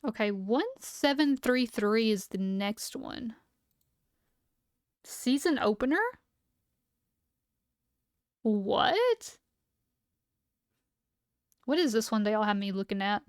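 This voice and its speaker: Young woman, casual live-stream chat, slightly high pitch, dry sound, losing her voice. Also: lively intonation, slow pace, pauses often, smooth, no room sound. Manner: chatty, reads aloud then reacts.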